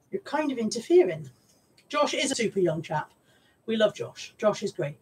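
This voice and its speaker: A woman's voice: medium pitch, very animated, moderate pace, darkish tone, breathy edge. A woman, hosting a casual livestream from home, chatting informally with viewers, reading out their comments and swearing now and then. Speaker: livestream host. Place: at home with piles of stuff around her.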